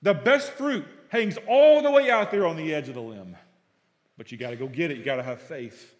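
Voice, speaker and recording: Middle-aged pastor guy preaching, slightly high voice, big echoey hall, goes loud then quiet. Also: animated, normal speed. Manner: storytelling preacher, acts out dialogue, swings loud and quiet. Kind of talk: sermon. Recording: long reverb of a hall.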